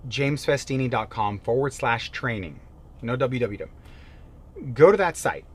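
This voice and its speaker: A man giving a motivational sales-coaching talk, emphatic and animated, jumping from loud bursts to quiet asides. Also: medium pitch, a little hiss or hum. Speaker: real estate sales coach.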